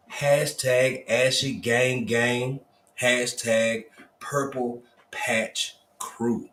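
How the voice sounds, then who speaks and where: A man's voice: medium pitch, fairly bright tone, roomy sound. A man hosting a casual livestream, greeting viewers one by one in a folksy, easygoing manner. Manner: folksy, drawling Southern Black vernacular, repeated greetings. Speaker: livestream host.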